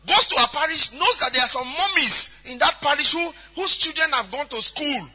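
Nigerian preacher telling a story, high voice, lots of hall echo. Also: male voice, normal speed. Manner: animated, switches into pidgin, acts out voices. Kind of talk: storytelling sermon. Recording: echoey hall.

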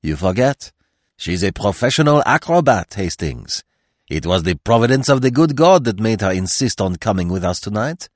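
A man voicing a fussy, sharp older male detective in a storybook reading, clipped and commanding. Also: lowish voice, big pitch swings, moderate pace, no room sound, studio quality. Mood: urgent.

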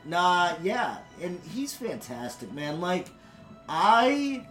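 A man's voice: high-pitched, very animated, slow pace, a bit bright, faint music behind. Profane, enthusiastic man podcast guest. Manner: enthusiastic, swears freely, rambling restarts. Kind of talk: casual chat.

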